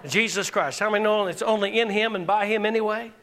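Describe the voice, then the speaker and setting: A pastor with a high-pitched, level voice preaches fast and passionately in a church sanctuary, leading his congregation in call-and-response. His sermon builds to shouts, and the audio trails off with a long reverb tail.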